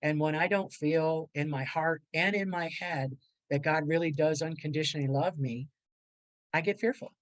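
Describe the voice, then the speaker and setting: An older woman, a guest on a video call, telling her life story in a lively way, acting out the voices she quotes and laughing often. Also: low-pitched, moderate pace, no room sound, lo-fi sound. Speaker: guest speaker. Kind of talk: animated personal storytelling.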